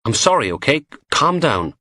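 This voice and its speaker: A man's voice: medium pitch, sing-song, normal speed, bright, forceful tone, no room sound, voice pushed up. A man voicing a harried male detective, urgent and commanding.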